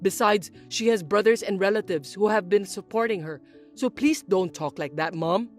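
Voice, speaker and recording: A woman voicing a grown son and husband who speaks low and patiently, reasoning with his mother. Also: moderate pace, soft background music, natural voice. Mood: calm. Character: calm grown son and husband, young man. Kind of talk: scripted story voice-acting.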